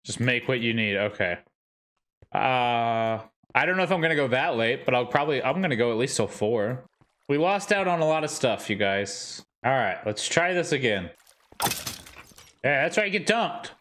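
A man streaming a game live, talking to himself and his chat, quick to yelp and shout at enemies. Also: mid-range voice, animated. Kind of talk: live gameplay commentary.

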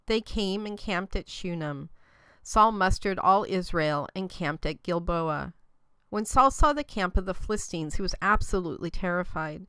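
Smooth-voiced woman reading scripture. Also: lowish voice, expressive, normal speed, bright, forceful tone, no echo. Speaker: scripture reader.

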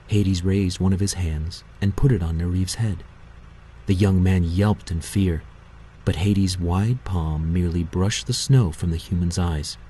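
Deep-voiced male audiobook narrator. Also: fairly even intonation, unhurried, warm tone, husky, poor audio.

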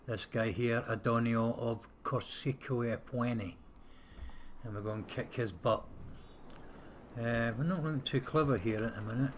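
A man hosts a laid-back let's-play, thinking out loud as he plays, hesitating often and dropping the occasional blunt swear word. His voice is mid-range, with a little hiss or hum on the recording.

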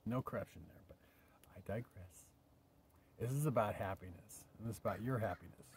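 An older male vlogger rambles to camera in a casual vlog while camping by his vehicle, sometimes dropping to a whisper. His voice is on the low side and brisk, with a little hiss or hum in the recording.

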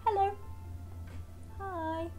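A woman's voice: very high voice, steady tone, extremely slow, mellow, faint music behind. A young woman chatting casually on her live stream, giggly and affectionate toward her cat, speaking into a desk mic at home. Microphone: desk microphone.

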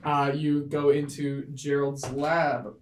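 A woman narrating a tabletop role-playing game as game master, in a relaxed way with lots of fillers. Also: low voice, slow, background noise. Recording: echoey room.

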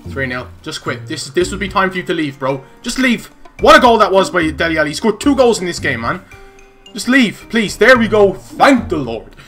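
A man's voice: high voice, big pitch swings, moderate pace, bright, forceful tone, soft background music. A young Irish man giving angry, swearing commentary over his own football video game matches. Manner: swearing, exasperated ranting. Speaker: gaming YouTuber. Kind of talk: raging gameplay commentary.

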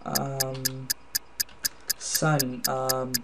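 Casting: worn-out gamer, slow, mumbling guesses, noisy room with a ticking clock. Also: male voice, medium pitch, completely flat delivery. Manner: muttering guesses, swearing at himself. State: tired. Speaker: gamer playing online. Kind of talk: casual gaming commentary. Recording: noisy home recording with ticking.

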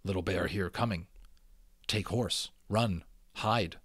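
A man's voice: deep voice, slow pace, fairly bright tone, slightly rough, dry recording, clean studio sound, full character voice. A man reading aloud and voicing a tiny, proud warrior who speaks in terse, broken phrases. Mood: commanding. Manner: terse broken speech, dignified.

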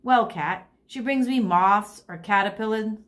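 A woman's voice: medium pitch, a little slow, a bit bright, close to an everyday voice. A woman voicing a bossy, hungry young female bird who can't fly, demanding and pouting.

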